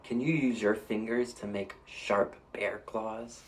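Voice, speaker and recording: A man's voice: on the low side, fairly even intonation, takes it slowly. A man reading a picture book aloud to children, playfully inviting them to make animal sounds along with him. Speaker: storytime reader.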